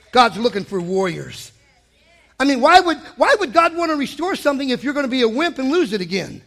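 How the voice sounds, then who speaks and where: A man preaching a sermon as pastor, swinging from hushed asides to shouted declarations. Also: very high-pitched, sing-song, normal speed. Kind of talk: energetic sermon.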